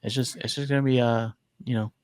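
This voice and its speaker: A young man with an American accent chatting casually as a podcast co-host, joking in a dry, deadpan way. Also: medium pitch, a little fast, clean tone, no room sound. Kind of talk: casual chat.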